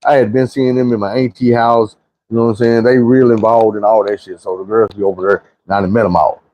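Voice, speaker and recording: A man's voice: lowish voice, little pitch movement, fast talker, a little mellow, muffled recording. A man casually telling a story from his own life in a slangy, profane, conversational way.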